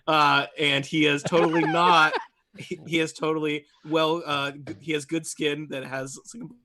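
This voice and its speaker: Bright-voiced rambling game master man. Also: a little high, flat delivery, unhurried, a little hiss or hum. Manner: rambling, self-interrupting improvised description. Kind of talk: narrating a tabletop game.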